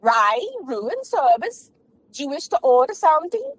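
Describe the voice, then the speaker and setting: A woman's voice: high-pitched, sing-song, moderate pace, no room sound. A woman doing a chirpy room service lady.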